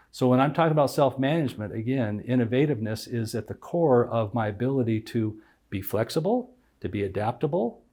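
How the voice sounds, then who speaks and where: A man's voice: mid-range voice, a little mellow. Methodical middle-aged man teaching. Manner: methodical, lays out numbered points and explains each with personal stories. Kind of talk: instructional talk on emotional intelligence.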